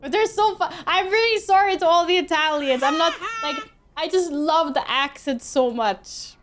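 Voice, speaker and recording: A woman's voice: very high voice, normal speed, a bit bright, a little hiss or hum. A young woman from Sweden streaming a video game at home, chatting and giggling with her viewers as she plays. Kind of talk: casual gameplay streaming.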